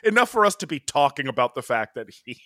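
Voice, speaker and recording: A man's voice: fairly high pitch, sing-song, quick pace, pushed and bright, no room sound, clean studio sound. A man co-hosting a podcast, chatting in an amused, rambling way full of asides. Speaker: podcast co-host. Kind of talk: casual chat.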